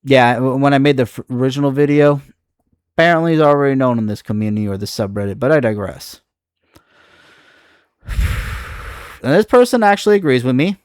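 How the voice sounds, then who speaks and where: A man's voice: mid-range voice, lively intonation, a little fast, pauses often, clear, resonant tone, no room sound, clean studio sound. A man reacting to online comments in his video, exasperated and profane, rambling with frequent restarts. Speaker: video creator.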